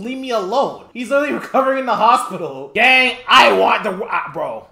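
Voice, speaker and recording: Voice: mid-range voice, big pitch swings, fairly quick, few pauses, bright, forceful tone. A streamer giving live reaction commentary, ranting with lots of profanity and talking straight to his chat. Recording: roomy echo.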